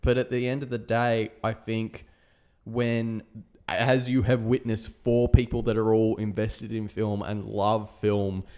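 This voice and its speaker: A man's voice: medium pitch, darkish tone. A man co-hosting a film podcast, blunt and self-deprecating, swearing casually. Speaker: podcast co-host. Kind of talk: casual film review chat.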